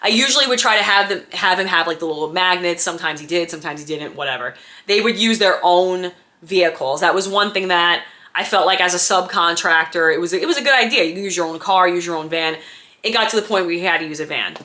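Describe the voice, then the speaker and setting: Woman, 30s, bright and sharp tone, chatty storyteller who acts out every quote. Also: on the low side, a little fast. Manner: animated, acts out quoted dialogue, many fillers like "like" and "right?". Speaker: former diaper service owner. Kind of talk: casual personal storytelling.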